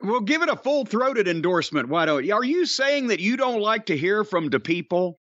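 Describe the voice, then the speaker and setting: A man hosting a podcast, gruff and profane, trading wisecracks in casual banter. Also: sits high, big pitch swings, normal speed, fairly bright tone, no room sound. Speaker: podcast host. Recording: dry, dull lo-fi sound.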